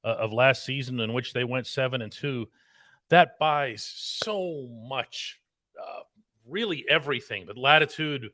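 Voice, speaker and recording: A sports columnist co-hosts a casual talk show, speaking in an articulate, wry way as he reads listener questions aloud. His voice is bright and forceful, at a middle pitch for a man. It is recorded close and dry. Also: animated, a little slow, no echo.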